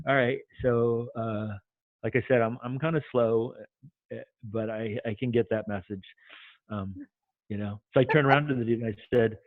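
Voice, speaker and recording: A man, a guest, telling his own story in a loose and animated way, swearing freely. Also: lowish voice, quick pace, no echo. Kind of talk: casual storytelling. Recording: tinny call audio.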